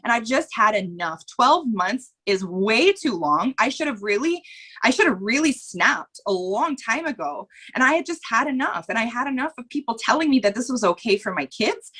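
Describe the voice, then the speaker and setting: A woman's voice: fairly high pitch, bright, forceful tone, husky. A woman talking as a guest in a podcast interview, earnest and candid, speaking in long rambling runs that repeat phrases and sometimes turn emotional.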